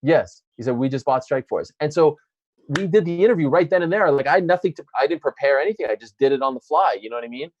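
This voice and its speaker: A man's voice: a little high, fast talker, no echo, lo-fi sound. A man interviewing a guest, telling a long story in casual chat and acting out what people said. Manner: animated storyteller acting out quotes.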